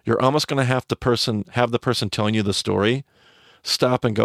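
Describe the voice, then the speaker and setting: A man's voice: medium pitch, fairly even intonation, fairly quick, creaky, no echo, studio quality. A man teaching on a podcast, explaining a story and quizzing his cohost with questions.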